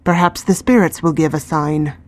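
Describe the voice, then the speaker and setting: A woman voicing a gloomy, morose older man who speaks in a grave, measured way. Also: deep voice, fairly even intonation.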